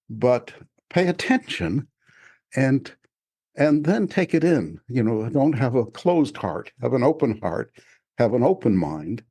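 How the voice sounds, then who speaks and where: A man, an author, talking in a relaxed podcast conversation, reflective and often chuckling as he restarts his sentences. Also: mid-range voice, breathy edge. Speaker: author discussing his spiritual experiences. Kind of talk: casual conversational podcast talk.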